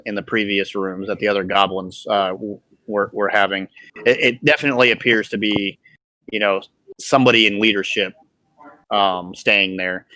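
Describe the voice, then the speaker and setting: A man narrating as dungeon master over a video call, halting with many fillers and restarts. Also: on the low side, sharp tone, no room sound. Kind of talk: narrating a tabletop game.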